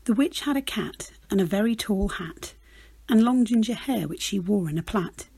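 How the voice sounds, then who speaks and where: Expressive woman reading a rhyming storybook. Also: mid-range voice, normal speed, gravelly, husky, no echo. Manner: rhythmic, expressive rhyming delivery. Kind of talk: children's picture book read-aloud.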